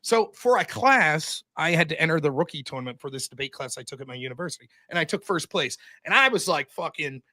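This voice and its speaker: A man in casual podcast chat, telling stories in an animated, profane way into a close mic. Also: on the high side, fast talker, few pauses. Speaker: podcast host and debater.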